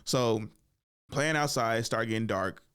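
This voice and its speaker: A man's voice: medium pitch, slow pace, a bit bright, clean tone. A man, a stand-up comic hosting a show and telling loose, slangy, funny stories about growing up. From Bay Area, California. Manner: loose slangy storyteller, breaks into laughter. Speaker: stand-up comic, podcast host. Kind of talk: casual comedic storytelling.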